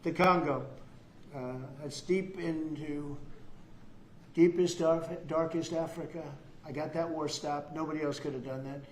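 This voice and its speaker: A man's voice: a little high, fairly even intonation, unhurried. An older man giving rambling, boastful off-the-cuff remarks to the press, repeating himself. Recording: echoey room with faint noise.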